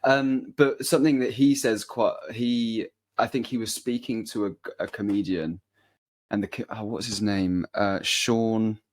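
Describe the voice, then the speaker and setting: A man's voice: on the low side, steady tone, measured pace, no echo. A man hosting a podcast, chatting eagerly with rambling restarts and fillers. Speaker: podcast host. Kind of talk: casual conversation.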